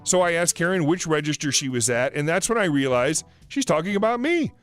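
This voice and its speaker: Male storyteller with a fairly high voice, steady reading pace, light music bed behind. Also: a little fast. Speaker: narrator. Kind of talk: reading online stories aloud.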